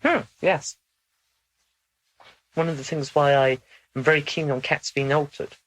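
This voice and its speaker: A man channels with a bright, forward tone pitched slightly high. He talks in a measured, instructive way and slips into formal phrasing now and then. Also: fairly even intonation, poor audio. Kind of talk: channeling session.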